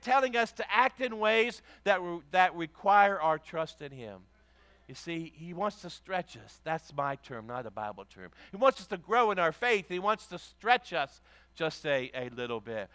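A man preaching a sermon, swinging between loud emphatic declarations and low, intense passages. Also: smooth, no room sound.

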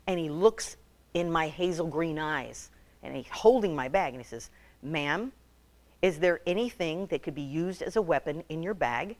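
Addressing a women's meeting, this middle-aged woman tells funny stories with animation and frequent laughter in a voice on the low side. It is a humorous storytelling talk.

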